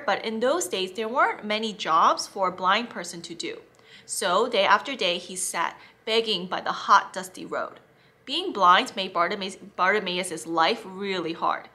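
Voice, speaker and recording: Bright, expressive woman telling a Bible story. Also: medium pitch. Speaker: children's church teacher. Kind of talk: children's Bible story reading.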